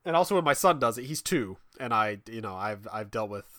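A man in his thirties chatting casually, wry and laughing often, his voice trailing off quietly at the ends of thoughts. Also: fairly low pitch, expressive, brisk, slight background noise. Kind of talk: casual chat.

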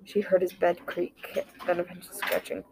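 A woman reading an original short story aloud, voicing the dialogue herself and dropping to a near-whisper in quiet moments. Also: on the low side, flat delivery, normal speed, vocal fry, noisy background. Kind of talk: amateur story narration with dialogue.

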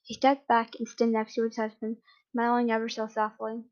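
A woman reading fan fiction aloud in a plain, steady way with small slips. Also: a little high, moderate pace. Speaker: reader. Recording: dull lo-fi recording.

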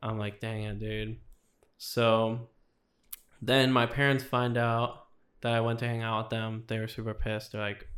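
Young male guest, flat delivery, rambling testimony, heavy "like" fillers. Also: fairly low pitch, unhurried. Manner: rambling, fills with 'like' constantly. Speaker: podcast guest. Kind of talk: casual testimony storytelling.

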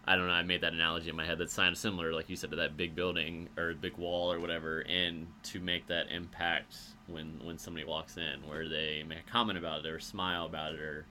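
Deep-voiced guy hosting a chill interview, bright punchy tone, says yeah a lot. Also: fast talker, hardly any pauses, a little hiss or hum. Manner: relaxed, agreeable, frequent "yeah". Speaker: interview host. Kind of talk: casual interview chat.

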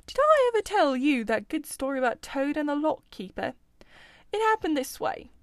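A hearty, talkative male otter gossips by the riverbank, as a woman reading the story puts him on. His voice is fairly high and bright with animation, in a dry, close recording. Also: big pitch swings, moderate pace, dry recording.

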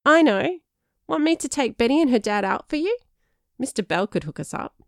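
A woman's voice: sits high, big pitch swings, moderate pace, creaky, no echo, studio quality, pitched above the performer's own voice, exaggerated voice. A woman voicing a sparky, mischievous teenage girl with a playful, teasing way of talking.

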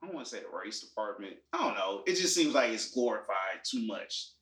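Relaxed man chatting in an echoey room. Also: fairly low pitch, a little fast. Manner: relaxed, explanatory, many fillers. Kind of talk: casual chat about movies and TV.

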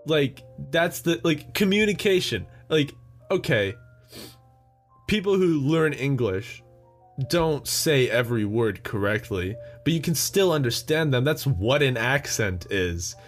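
A young man with an American accent hosts a solo podcast, talking at an unhurried, drawn-out pace. He rambles and jokes with plenty of fillers and little laughs. Faint music sits underneath. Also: mid-range voice, lively intonation. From United States. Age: young adult. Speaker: podcast host. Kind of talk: solo casual chat.

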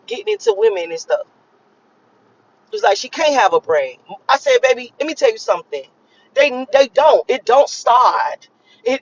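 A woman in her thirties from Miami, ranting casually to her viewers in a profane, emphatic way and repeating herself for emphasis. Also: on the high side. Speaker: vlogger. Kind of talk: casual rant to camera. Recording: slightly lo-fi recording.

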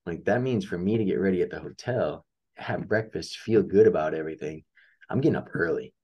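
A man's voice: low voice, a little fast, husky, lo-fi sound. A young man from upstate New York, a track coach telling a story in a casual interview, acting out the dialogue as he goes.

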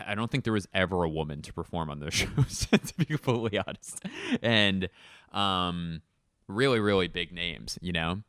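A stand-up comedian in his thirties rambles through stories, swearing and leaning on filler words. His voice is very deep and smooth. The recording is dry and close. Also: a bit bright, no echo. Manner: rambling, profane, filler-heavy. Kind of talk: casual storytelling chat.

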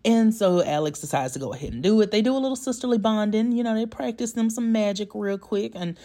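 A man's voice: high-pitched, fast talker, few pauses, dark tone. A man giving a casual, chatty movie recap, laughing often and poking fun at himself. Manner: chatty, laughing, self-mocking, slangy. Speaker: movie reviewer.

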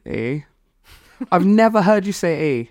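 A podcast co-host from Malawi chatting casually, rambling and quick to laugh. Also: mid-range voice, sing-song, a little mellow, no room sound, clean studio sound. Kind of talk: casual chat.

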